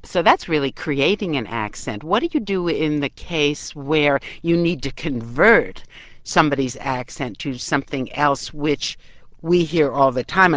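A woman's voice: sits low, a bit bright, no room sound. A woman radio correspondent interviewing a guest with curious, conversational questions.

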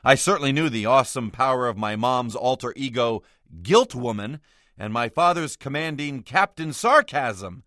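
A man's voice: mid-range voice, moderate pace, no room sound, studio quality. A man delivering a scripted, sarcastic movie-review roundup on the radio. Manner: wry, sarcastic, expressive. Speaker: film critic roundup writer. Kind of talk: scripted comic radio commentary.

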